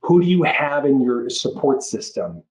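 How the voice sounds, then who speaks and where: Male life coach, mid-pitched, earnest and reflective, restarts phrases as he thinks aloud. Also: very animated, moderate pace, darkish tone, rough recording. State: moved, near tears. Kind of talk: podcast interview.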